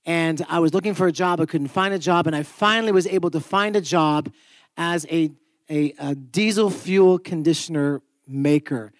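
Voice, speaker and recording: A man preaching a sermon in church, telling a story with humor and sudden jumps in pitch and volume. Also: moderate pace, no room sound, clean studio sound.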